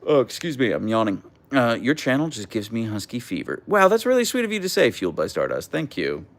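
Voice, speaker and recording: A young man hosting a casual livestream, chatting and reading out viewer comments in a relaxed way. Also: medium pitch, brisk. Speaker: livestream host reading chat. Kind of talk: casual live chat.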